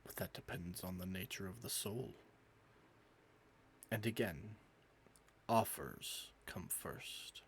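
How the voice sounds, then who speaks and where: A man voicing a haughty male ruler of a city, speaking in formal, measured threats. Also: deep voice, creaky, slight background noise, exaggerated voice. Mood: bargaining.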